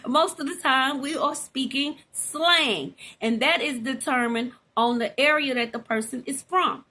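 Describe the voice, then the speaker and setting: A middle-aged Southern woman with a high, bright voice talks straight to her followers. She is folksy and chatty, calls them y'all and laughs easily, with a voice that rings and sits up high. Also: measured pace. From Louisiana, USA. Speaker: vlogger. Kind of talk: casual direct-to-camera talk.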